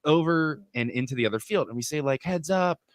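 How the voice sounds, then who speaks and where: A man's voice: on the high side, expressive, fairly quick, dry recording, studio quality. A young man co-hosting a podcast, telling stories playfully. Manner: playful storyteller, puts on voices. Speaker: podcast co-host. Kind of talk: casual podcast chat.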